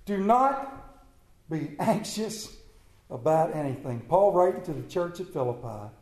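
A male preacher telling a comic personal story in a sermon, with animated delivery. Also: a little high, unhurried. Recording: echoey room.

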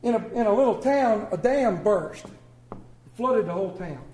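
A man's voice: sits high, lively intonation, moderate pace, warm tone. A man preaching a sermon, telling folksy, exaggerated stories in a church. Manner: folksy storytelling with comic exaggeration. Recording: echoey room.

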